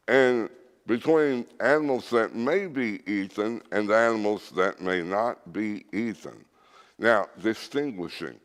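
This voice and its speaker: A man delivers a sermon with a lively, rising and falling pitch. He speaks slowly and deliberately, stressing his points. His voice rings with the long reverb of a church hall. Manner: earnest, emphatic teaching with scripture readings. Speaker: preacher.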